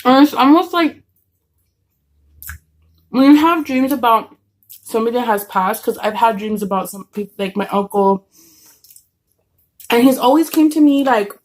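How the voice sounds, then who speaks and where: A woman's voice: a little high, lively intonation, unhurried, pauses often. A woman telling a story casually at home, rambling with many fillers and restarts. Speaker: vlogger telling a story while eating.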